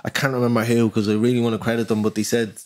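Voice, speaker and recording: Dublin working-class accent, mid pitch, lively and profane, easy podcast chatter. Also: male voice, racing. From Ireland. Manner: animated, swears freely, slips into impressions of others. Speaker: guest rapper. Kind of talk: casual podcast chat.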